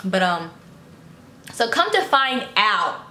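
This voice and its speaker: A young adult woman telling a casual storytime vlog, animated, acting out quotes in high voices and swearing freely. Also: slow pace. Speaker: vlogger. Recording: echoey room, faint background noise.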